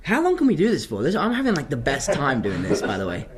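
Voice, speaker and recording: Animated young man, lively pitch. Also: fast talker, slight background noise. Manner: animated, self-mocking storyteller. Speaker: actor answering fan questions. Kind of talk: casual live Q&A.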